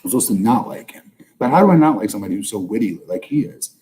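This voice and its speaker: A man with a low, mellow voice gives blunt wrestling opinions in casual podcast talk. He sounds exasperated and fires off quick asides, over a faint hiss. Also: lively intonation, rough recording. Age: older. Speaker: podcast guest, former wrestler. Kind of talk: casual wrestling review chat.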